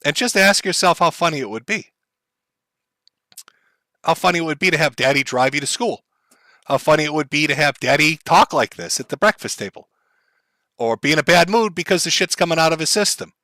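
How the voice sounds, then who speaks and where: A man's voice: a little high, animated, fairly quick, long pauses, bright, forceful tone, dry recording. A man commenting on a clip for his stream chat in a blunt, profane, lecturing way.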